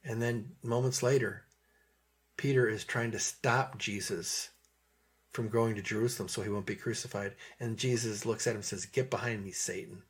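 A man preaching a sermon in a conversational way, repeating phrases and dropping to a soft voice for gentle passages. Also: on the low side, fairly even intonation, normal speed, breathy edge.

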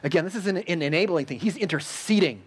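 A man preaching a sermon in an earnest, repetitive cadence with pauses, then leading a prayer. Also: high voice, animated, husky. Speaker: pastor.

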